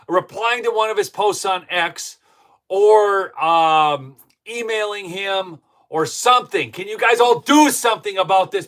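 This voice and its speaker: A fired-up male host rants through a live political stream and keeps turning to his chat. His voice sits high for a man, and his indignation builds as he goes. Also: a bit bright. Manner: heated and indignant, talks to the chat. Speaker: political commentary show host.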